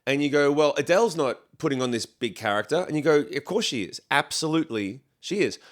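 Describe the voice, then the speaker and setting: A man's voice: on the high side, animated, a little fast. A man co-hosting a casual podcast, talking bluntly and opinionatedly, swearing and acting out quoted voices. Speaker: podcast co-host. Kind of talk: casual chat.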